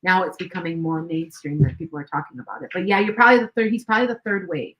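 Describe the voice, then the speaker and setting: A woman's voice: lowish voice, racing, noisy background. An older woman talks loosely and at length, greeting viewers by name between stories. Her speech wanders, doubles back and restarts mid-sentence. She sounds like a psychic reader hosting a casual live stream. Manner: rambling, chatty, with many restarts and asides to viewers.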